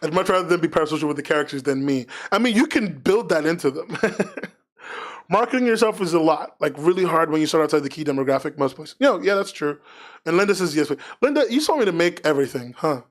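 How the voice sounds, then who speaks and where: A man's voice: a little high, lively intonation, fast talker. A man streaming live, chatting casually in a rambling, frank, self-mocking way. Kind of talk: casual livestream chat.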